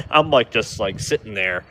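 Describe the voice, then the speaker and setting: Middle-aged man, lowish edgy voice, swears a lot, rambles through a casual story. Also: lively intonation, slow pace, pushed and bright, slight background noise. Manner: rough, profane, rambling delivery. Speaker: vlogger telling a story.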